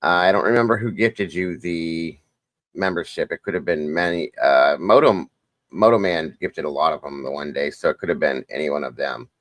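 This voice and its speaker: A man with a low, deep voice hosts a casual live stream. He reads viewer comments aloud and thanks his members one by one. The sound is dry and close, with no room echo. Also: moderate pace, fairly bright tone. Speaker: livestream host.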